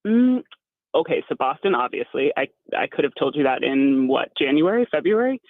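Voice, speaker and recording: A woman's voice: sits low, big pitch swings, moderate pace, no echo. Chatty woman reporter on a phone line. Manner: chatty, self-deprecating, laughs often. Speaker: sports reporter guest. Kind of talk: sports talk radio.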